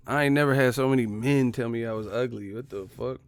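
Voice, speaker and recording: A man's voice: mid-range voice, fairly quick, gravelly, few pauses, no echo, clean studio sound. A man hosting a boxing live stream, ranting in a profane, joking, exasperated way. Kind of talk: casual live-stream rant.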